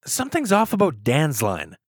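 Young male director, stammers when excited, lively pitch, dry close sound. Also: normal speed, husky, dry recording. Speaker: amateur film director. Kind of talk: casual banter.

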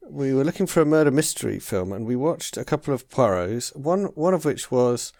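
A man's voice: medium pitch, lively intonation, a little fast, a little mellow, dry recording, studio quality. Rambling English man chatting casually. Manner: rambling, searches for words, many restarts. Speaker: podcast co-host. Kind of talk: casual chat.

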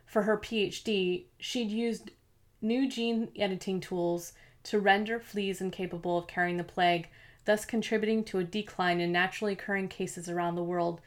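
A woman reading a novel aloud as narrator, in a steady, measured storytelling manner. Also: medium pitch. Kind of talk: scripted audiobook narration.

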